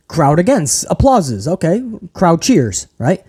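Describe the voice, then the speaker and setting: A high-voiced man rants through a wrestling review on his own channel. His talk is casual, profane and animated. He mocks the show with quick impressions as he goes. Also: slightly rough. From grew up in housing projects.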